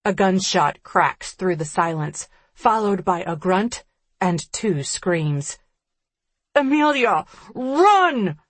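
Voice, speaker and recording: A woman reading an audiobook in the first person, measured and tense. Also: lowish voice, breathy edge, no echo. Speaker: audiobook narrator.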